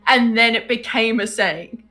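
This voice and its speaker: A woman's voice: fairly high pitch, a little slow, sharp tone. An Australian woman chatting casually between tabletop game sessions, laughing often as she teases her friends. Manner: laughs often, teasing banter.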